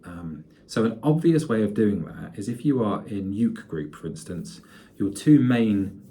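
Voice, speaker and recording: A man with a low voice gives a music lecture to students. He talks in a relaxed, conversational way, full of fillers and restarts. His tone is mellow, with a faint hum of noise behind him. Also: measured pace.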